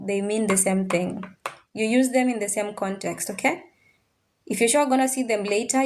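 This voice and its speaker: Female French teacher, slow measured delivery, repeats phrases for students. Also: mid-range voice, a little mellow. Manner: drills pronunciations by repeating words slowly. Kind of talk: classroom language lesson. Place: classroom with students.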